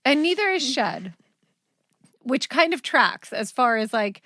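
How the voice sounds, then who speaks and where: A woman's voice: sits high, big pitch swings, unhurried, sharp tone, dry recording, clean studio sound. A woman hosting a podcast in casual chat, telling stories and laughing often. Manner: giggly storyteller, laughs often. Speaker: podcast host.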